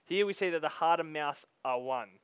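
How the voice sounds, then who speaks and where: A man preaching a sermon. He reads scripture slowly, then talks to the congregation in a casual, emphatic way. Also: on the high side, clean tone, no echo, lo-fi sound.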